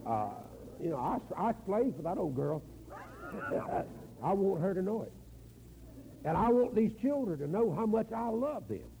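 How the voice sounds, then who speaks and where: An older man preaching a sermon in a folksy, storytelling manner, drawing out words for emphasis, with a gravelly voice. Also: sits high, big pitch swings, a little slow, noisy background.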